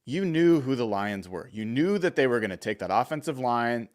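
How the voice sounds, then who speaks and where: A man's voice: medium pitch, animated, normal speed. A man hosting a sports podcast, asking long, rambling questions full of fillers in casual talk. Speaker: podcast host.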